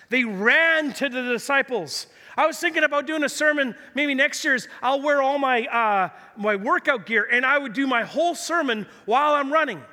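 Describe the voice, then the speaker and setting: A male pastor preaching a sermon in a lively, joking storytelling way, in a large church hall. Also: very high-pitched. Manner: energetic, jokey storytelling preacher. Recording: long church hall reverb.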